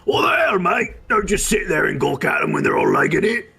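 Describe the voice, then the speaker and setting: A man reading a game aloud and voicing a hot-tempered young British man with a put-on Cockney-style accent, shouting blunt slang. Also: on the high side, normal speed, gravelly, music in the background. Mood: yelling. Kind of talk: game dialogue read aloud.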